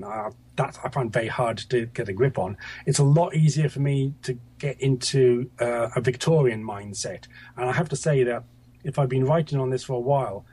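A man's voice: medium pitch, darkish tone, husky. A middle-aged man from Scotland, a guest author talking over a video call, hesitant with many fillers and restarts.

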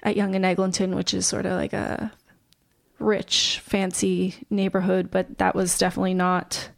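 A woman co-hosting a casual chat show, her voice carrying a steady vocal fry. She retells a story at an easy pace, loosely and with filler words. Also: medium pitch, moderate pace. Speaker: podcast co-host.

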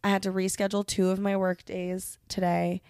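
Gravelly young woman venting on a podcast. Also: mid-range voice, level tone, brisk, a little mellow, no room sound, studio quality. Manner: candid, profane, heavy use of "like". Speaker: podcast host. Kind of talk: casual venting monologue.

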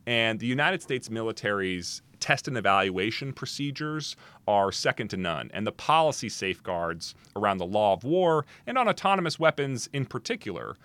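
Man, podcast guest expert, low voice, very lively pitch, emphatic, dry close sound. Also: normal speed, hardly any pauses, dry recording. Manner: animated, emphatic, with frequent restarts and asides. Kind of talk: podcast interview answers.

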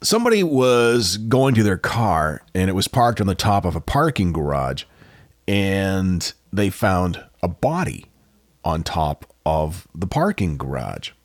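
A man's voice: sits low, sing-song, measured pace, no echo, clean studio sound. A man co-hosting a podcast, casually telling a true-crime story with jokey asides. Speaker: podcast co-host.

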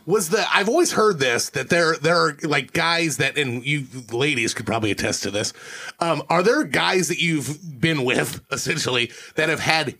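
Joking guy cohosting a podcast, gravelly, pitch jumps all over. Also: expressive, normal speed, bright, forceful tone. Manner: joking, rambling with restarts and laughs. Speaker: co-host. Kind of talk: casual comedy chat.

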